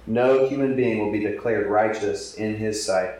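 A man's voice: fairly low pitch, normal speed, darkish tone. A man preaching and teaching, earnest, asking his listeners questions as he explains a passage. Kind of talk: sermon. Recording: echoey hall.

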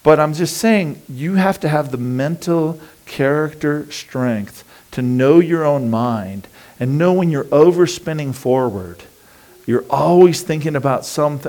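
A man's voice: a little high, measured pace. A man preaching a sermon in a casual, conversational way, often acting out the anxious thoughts of his listeners. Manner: conversational and animated, acting out inner voices. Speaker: pastor.

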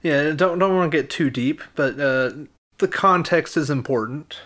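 A man co-hosting a casual history podcast, chatting easily and then reading history segments in an even, informative way. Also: fairly high pitch, moderate pace. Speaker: podcast co-host.

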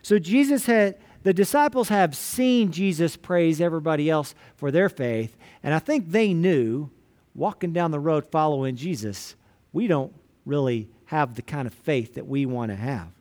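Pastor, man, higher voice, relaxed storytelling sermon style. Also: normal speed. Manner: casual storytelling, retelling scripture in everyday words.

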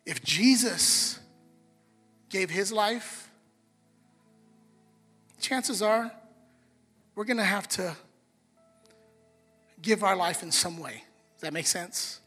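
A male pastor preaching a sermon, telling a story with lively, acted-out quotes. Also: sits high, takes it slowly, pauses often, slightly rough. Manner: animated storyteller, acts out quotes. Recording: long reverb of a large hall, soft music behind.

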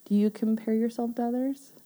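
A woman's voice: fairly high pitch, steady tone, fairly quick, mellow. A woman in her twenties hosting a podcast in casual chat, laughing often. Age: 20s. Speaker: podcast host.

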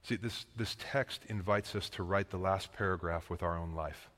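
A man preaching a sermon in an animated, casual way, with slang and emphatic delivery. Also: deep voice, normal speed. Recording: long echoing reverb.

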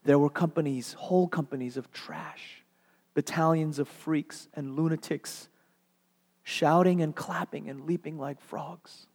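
A male pastor tells a story in his sermon with dramatic, earnest pacing. His fairly high voice carries through a church sanctuary with a long hall reverb. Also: steady tone, a little slow, darkish tone.

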